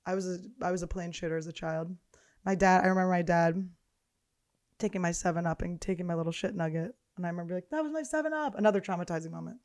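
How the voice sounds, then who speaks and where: A woman's voice: on the low side, flat delivery, fast talker, darkish tone. A woman hosting a comedy podcast, telling profane stories with laughter in a loose, chatty way. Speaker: podcast host. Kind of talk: casual comedic chat.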